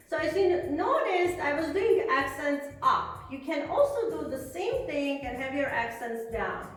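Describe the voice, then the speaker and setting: A woman's voice: sits high, lively intonation, moderate pace, hardly any pauses, fairly bright tone. A woman teaching a beginner belly dance class, explaining moves and counting steps aloud as she demonstrates. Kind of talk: online dance lesson, counting beats. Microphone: phone camera at a distance. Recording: very echoey room, voice from far off, faint music.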